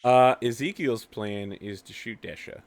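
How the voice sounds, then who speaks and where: A man acting as game master, explaining the rules in a relaxed way and laughing easily. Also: medium pitch, unhurried, no echo, clean studio sound. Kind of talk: running a tabletop game.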